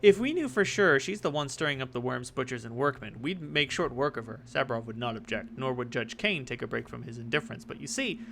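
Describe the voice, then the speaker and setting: A brooding, suspicious young nobleman heir, read out by a man in his everyday voice. The voice is gravelly and sits at a middle pitch. A steady noise hiss runs under it. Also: brisk, few pauses. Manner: reads game dialogue aloud in his own voice.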